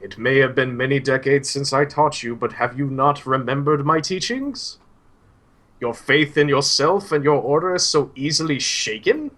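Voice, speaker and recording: A man voicing a kind, frail old male teacher who hunches over a cane, speaking slowly and gently chiding. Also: medium pitch, pitched above the performer's own voice, natural voice.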